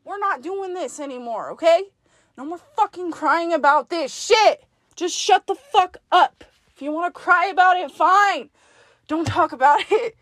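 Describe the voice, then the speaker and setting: A woman's voice: extremely high pitch, unhurried, fairly bright tone, no echo. Blunt, profane woman giving herself a pep talk. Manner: talks to herself in second person. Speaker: podcast host. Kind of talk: self-directed pep talk monologue.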